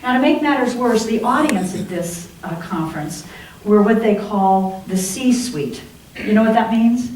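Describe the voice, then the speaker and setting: A woman minister tells a story from the pulpit, lively and funny, breaking into chuckles. She is heard from well back in a large, very echoey hall. A faint hiss sits under her voice. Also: fairly high pitch, a little slow, distant mic. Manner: animated, humorous retelling with chuckles. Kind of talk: sermon storytelling.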